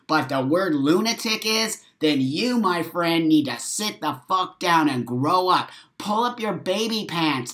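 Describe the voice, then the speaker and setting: A man's voice: fairly high pitch, a bit bright. A man hosting a live stream, giving an angry, profane rant and hammering his points with repeated phrases. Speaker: livestream host. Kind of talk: heated livestream rant. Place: at home, drinking coffee on a live stream.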